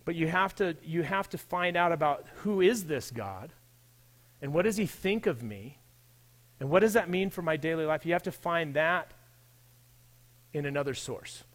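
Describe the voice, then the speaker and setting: Man, pastor, sermon, chatty, addresses listeners, slightly higher voice. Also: normal speed, pauses often. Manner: conversational, addresses the audience directly.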